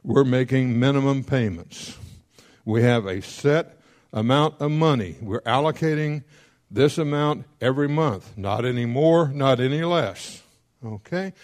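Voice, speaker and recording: A man teaching a class on paying off debt, folksy and joking, checking in often with his listeners and rattling off figures quickly. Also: medium pitch, darkish tone. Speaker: financial counselor teaching a class. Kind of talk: classroom lecture on debt repayment.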